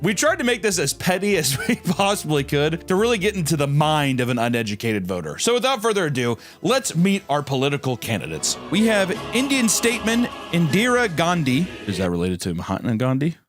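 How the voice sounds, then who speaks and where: A man's voice: a little high, sing-song, fairly quick, soft background music. A man hosting a casual comedy show, joking and self-deprecating, often laughing as he talks. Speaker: host.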